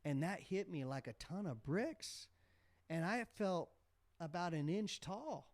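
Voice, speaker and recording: Candid, higher-voiced man in his forties. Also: takes it slowly, dry recording. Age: 40s. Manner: candid storytelling, animated when retelling a scene. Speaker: podcast guest, motocross team owner. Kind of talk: casual interview talk.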